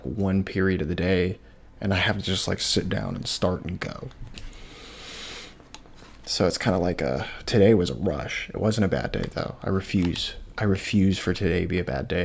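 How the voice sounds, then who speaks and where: A man's voice: deep voice, creaky, slight background noise. A young man chatting casually while streaming a game, rambling and reading chat aloud. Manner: rambling, laid-back, reads chat aloud.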